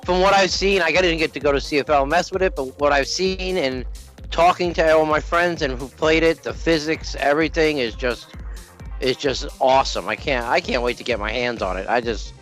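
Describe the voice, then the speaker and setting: A man's voice: fairly high pitch, a little fast, fairly bright tone, faint music behind, low-quality recording. A man joining a podcast chat, talking eagerly and stumbling over his words. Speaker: podcast guest. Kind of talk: casual chat.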